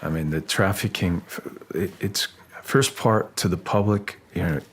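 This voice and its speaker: A man speaking as a guest in an interview, halting and restarting, then animated when telling stories. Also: deep voice, slight background noise. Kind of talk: casual interview talk.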